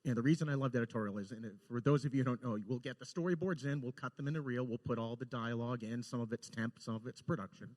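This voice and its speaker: A man, a storyboard director, telling lively anecdotes and acting out the quotes with laughter. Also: mid-range voice, fast talker, few pauses, long reverb tail. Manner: animated, laughing, acts out quotes.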